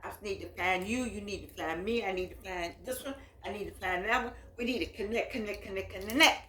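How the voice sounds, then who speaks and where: A woman's voice: mid-range voice, brisk, a bit bright, reverberant, a little hiss or hum. A woman in her eighties from the United States speaking to camera on her phone, emphatic and preacherly, repeating her phrases. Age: 80s. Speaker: host. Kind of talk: impassioned address to camera.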